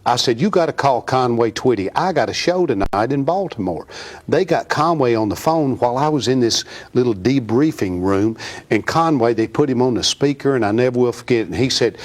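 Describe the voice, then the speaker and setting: A middle-aged man with a drawl tells a story, folksy and easygoing. He laughs along with his own tale and puts on the voices of the people in it. His voice sits at an ordinary pitch. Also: expressive, moderate pace, a little mellow. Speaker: guest singer. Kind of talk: casual storytelling.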